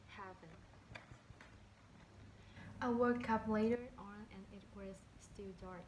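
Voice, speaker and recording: Woman reader, slow careful pace, noisy recording. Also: medium pitch, darkish tone. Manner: slow, halting reading with restarts. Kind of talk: reading a novel aloud.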